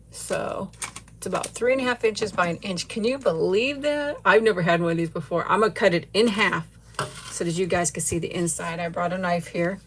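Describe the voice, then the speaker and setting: Middle-aged lady doing a live chat, tasting candy, keeps thanking viewers, slightly low voice. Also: slight background noise. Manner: gushing, thanks viewers by name, giggly. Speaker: livestream host.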